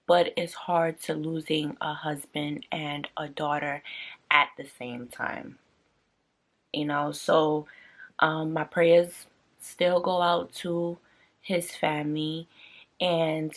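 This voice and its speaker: Chatty woman vlogger ranting to camera. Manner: chatty and blunt, slangy, with big swings in pitch when excited. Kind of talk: casual rant to camera.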